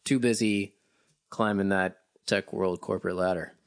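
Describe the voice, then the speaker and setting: A man's voice: sits low, steady tone, moderate pace. Wry man rambling in a chat. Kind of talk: casual chat.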